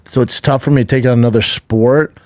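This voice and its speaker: A man's voice: mid-range voice, steady tone, brisk, darkish tone, no room sound, studio quality. A man co-hosting a podcast, chatting casually and telling candid, laid-back stories. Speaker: podcast co-host and comedian. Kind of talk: casual chat.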